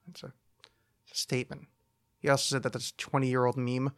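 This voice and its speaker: A man's voice: mid-range voice, level tone, brisk, dry recording, studio quality. A man hosting a solo podcast, rambling through listener questions with profane, mock-outraged rants. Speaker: podcast host. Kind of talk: solo comedic rant podcast.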